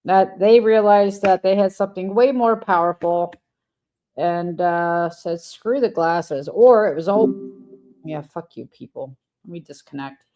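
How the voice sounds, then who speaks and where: Woman, casual livestream host; low-pitched, unhurried, rambling, annoyed, curses a lot. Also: dark tone. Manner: rambling, irritated, swears often.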